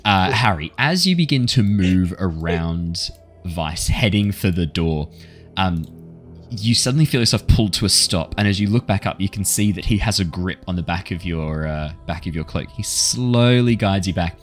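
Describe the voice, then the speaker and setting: A man narrating as dungeon master in a measured, descriptive way. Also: low-pitched, lively intonation, faint music behind. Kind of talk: narrating a tabletop game.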